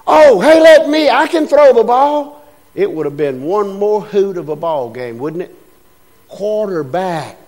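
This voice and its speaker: Folksy older preacher, high voice. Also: male voice. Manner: homespun storytelling, acts out voices in anecdotes. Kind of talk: folksy sermon with stories.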